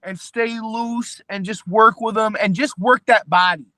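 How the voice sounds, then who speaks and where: A man's voice: high-pitched, steady tone, unhurried, bright, forceful tone, no room sound. A man co-hosting a boxing podcast, talking through a fight plan in casual chat with many restarts. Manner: analytical, hesitant restarts. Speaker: podcast co-host.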